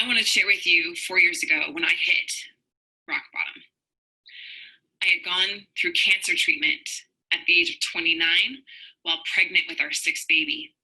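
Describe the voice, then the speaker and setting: A woman's voice: on the low side, normal speed, pushed and bright, slightly rough, poor audio. A woman in her thirties, a marriage coach, speaking straight to viewers in an earnest, personal livestream talk. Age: 30s. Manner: earnest personal storytelling, addresses viewers directly.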